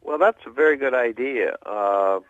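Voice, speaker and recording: A man's voice: mid-range voice, animated, moderate pace, no echo. A middle-aged man calling a radio advice show, speaking hesitantly and thoughtfully. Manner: hesitant, thoughtful, many fillers and restarts. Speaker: caller. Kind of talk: phone call to a radio show. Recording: tinny dry phone line.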